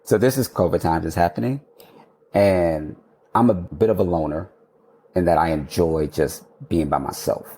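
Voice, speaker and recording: Deep-voiced man telling a lively story. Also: normal speed. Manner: animated, laughing, swears casually. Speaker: architect guest. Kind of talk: casual interview storytelling.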